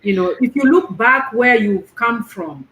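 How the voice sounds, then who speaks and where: A woman's voice: fairly high pitch, expressive, unhurried, fairly bright tone, echoey room, rough recording. A woman hosting a casual online panel, effusive and full of fillers and praise for her guests. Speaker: host.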